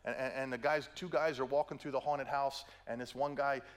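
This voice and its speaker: Here a middle-aged man's mid-range voice moves briskly with fairly even intonation as he preaches. He spins stories playfully, performs the quotes he cites, and repeatedly asks "right?"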